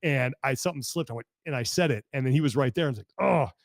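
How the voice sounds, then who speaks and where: Animated storytelling man, dry close mic. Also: mid-range voice, creaky, no echo. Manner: animated storyteller, quick to laugh. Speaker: podcast host. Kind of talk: casual chat.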